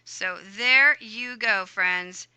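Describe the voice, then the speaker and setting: A woman's voice: a little high, drawn-out words, sharp tone, smooth, no echo, poor audio. A woman teaching a grammar lesson over a screen recording, upbeat and chatty, talking through each step aloud. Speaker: Spanish teacher.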